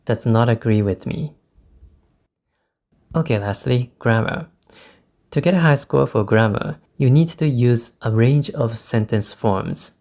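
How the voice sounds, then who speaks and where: A Japanese man, speaking English as a second language, teaching exam speaking skills with slow, careful repetition. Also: mid-range voice, darkish tone. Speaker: English test tutor. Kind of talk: spoken-English lesson with sample answers.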